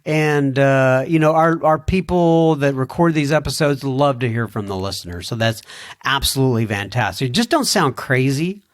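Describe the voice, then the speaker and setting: A man's voice: medium pitch, animated, moderate pace, no room sound, clean studio sound. A man hosting a recovery podcast, reading out listener emails and chatting about them in a folksy way with lots of fillers. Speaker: podcast host.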